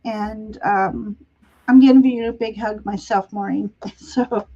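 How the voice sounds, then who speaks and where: Woman, tarot reader hosting live, gentle, frequent soft laughs, slow delivery, muffled lo-fi sound. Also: medium pitch, fairly even intonation, breathy edge. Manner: gentle, laughs often between phrases. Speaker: tarot reader and show host.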